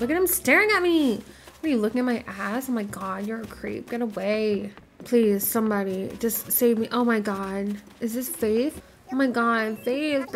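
Gaming channel lady, higher voice, super dramatic and swears a lot at the game. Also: a little hiss or hum. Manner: dramatic, profane, exaggerated reactions. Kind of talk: casual game commentary.

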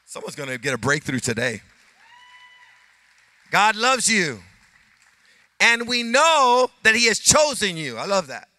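Bright-voiced older man preaching a sermon. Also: high-pitched, a little slow, long pauses, no room sound. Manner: animated, preaching with rising intensity and call-and-response. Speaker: pastor. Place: church sanctuary.

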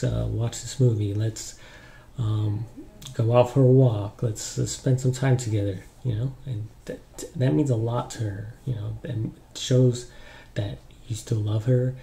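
A young man giving casual relationship advice in a relaxed, rambling way, with lots of ums and you-knows. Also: lowish voice, creaky, slight background noise. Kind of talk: casual advice talk to camera.

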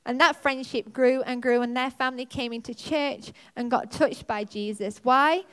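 A woman preaches to her church with a fairly high voice. She tells her story with animation, her pitch leaping as she relives the moments. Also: steady tone, normal speed, fairly bright tone, smooth. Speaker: pastor. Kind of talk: sermon. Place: church auditorium.

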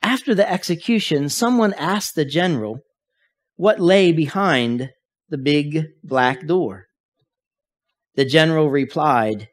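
Guy preaching sunday sermon, kinda high voice, tells stories, gets loud then quiet. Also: animated, unhurried, long pauses. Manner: storytelling, varies loudness for emphasis. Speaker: pastor.

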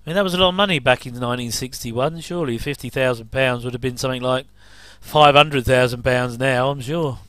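Middle-aged man, casual watch-along commentator, smooth and close-miked. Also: mid-range voice, fairly quick, hardly any pauses, a bit bright, no room sound. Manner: chatty, jokey asides with chuckles. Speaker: commentary host.

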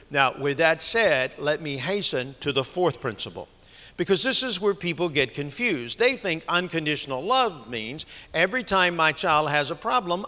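Heard through long church reverb in the sanctuary, a man with a fairly high, sharp voice and big pitch swings preaches at a moderate pace. He's the guest speaker, sharing earnest stories and throwing rhetorical questions at the congregation.

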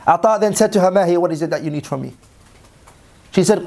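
Fast-talking male Islamic teacher. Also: high voice, gravelly, darkish tone. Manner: reads Arabic text then translates, repeating lines. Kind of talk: sermon storytelling.

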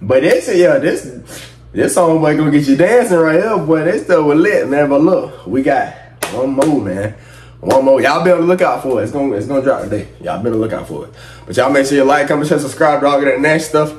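A man's voice: fairly high pitch, lively intonation, fairly quick, a little mellow, reverberant. A man hosting a music reaction video, hyped and laughing, talking in slangy bursts as he reacts. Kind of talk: excited music reaction commentary.

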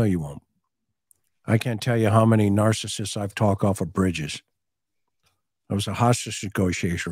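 Middle-aged guy w a low mellow voice, ex-cop storyteller, does all the voices, dry close sound. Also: no room sound. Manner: animated storyteller, acts out both sides of dialogue. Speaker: co-host, former police officer and hostage negotiator. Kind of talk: casual true-crime discussion and storytelling.

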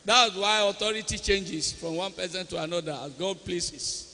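A Nigerian man preaches at a church convention, voice high and piercingly bright. He gives blunt commands to the crowd. His words ring back off the long reverb of a large hall. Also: moderate pace. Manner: commanding, calls to the congregation. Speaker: pastor. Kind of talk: church service exhortation.

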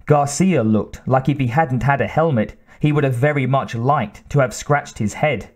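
A man narrating an audiobook in a measured reading style. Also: medium pitch. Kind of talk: scripted narration.

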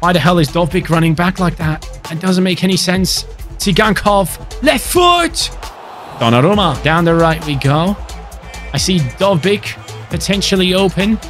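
Excitable young man commentating a football game. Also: sits high, measured pace, soft background music. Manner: excitable, swings from grumbling to shouting. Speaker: gaming YouTuber. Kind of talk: gameplay commentary.

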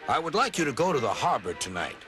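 A man with an American accent voicing a brisk, important male railway boss. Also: on the high side, sing-song, over music, pitched above the performer's own voice.

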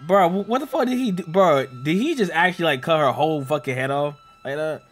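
A young man hosting a casual movie reaction, excitable and slangy, laughing and swearing as he talks to viewers. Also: a little high, fairly quick, faint music behind. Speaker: reaction host.

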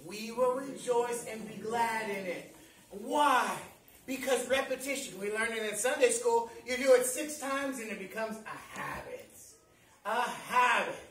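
High-voiced preaching man, echoey church. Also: measured pace, fairly bright tone, far from the mic. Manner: repetitive, emphatic preaching with scripture readings. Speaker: pastor. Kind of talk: sermon.

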